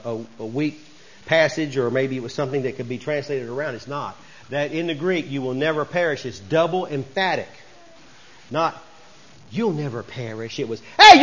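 A man's voice: medium pitch, muffled recording. A man preaching a sermon as pastor, folksy and conversational, rising to emphatic bursts.

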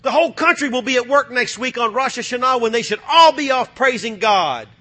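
A middle-aged man from the United States preaching a sermon, fervent, going from loud bursts to hushed asides. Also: very high voice, animated, fairly quick.

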